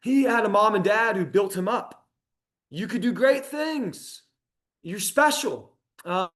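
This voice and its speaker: A man giving a public library history lecture, talking in a conversational, animated way with frequent ums. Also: high voice.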